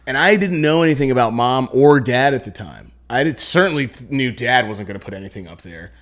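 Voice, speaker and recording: Animated, swearing podcast host, male. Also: medium pitch, a little fast. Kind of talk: casual chat.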